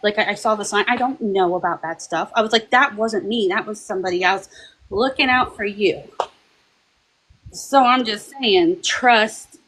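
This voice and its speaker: A woman on a paranormal discussion panel, telling a personal story in a chatty, animated way and acting out the voices of the people in it. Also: mid-range voice, moderate pace, rough recording. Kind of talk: casual storytelling.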